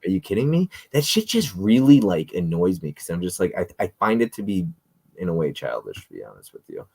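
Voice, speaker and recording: A man's voice: low-pitched, big pitch swings, brisk, a little mellow, breathy edge. A man in his thirties hosting a casual chat, blunt and opinionated, swearing freely. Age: 30s. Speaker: podcast host.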